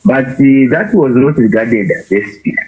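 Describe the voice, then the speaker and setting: Man calling in, mid-pitched voice, hesitant and halting, thin phone-line sound. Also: animated, darkish tone. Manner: halting, hesitant with many fillers. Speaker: caller. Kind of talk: call-in comment.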